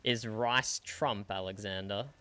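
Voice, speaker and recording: A male game streamer talks at his desk mic in a bright, crisp voice sitting a little low. He keeps a dry, matter-of-fact tone and chuckles now and then. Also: fairly even intonation, slow pace. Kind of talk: casual gaming livestream chat.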